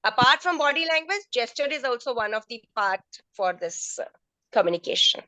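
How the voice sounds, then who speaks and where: A woman's voice: on the high side, lively intonation, brisk, bright, forceful tone, no echo, low-quality recording. A woman answering teachers' questions in an online training session, explaining step by step and often restarting her phrases. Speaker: resource person, teacher trainer. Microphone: video call.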